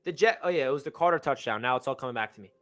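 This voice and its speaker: A young man excitedly recapping a football game as a fan channel host, rambling and correcting himself as he goes. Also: mid-range voice, racing, faint music behind. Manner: energetic, rambling, self-correcting.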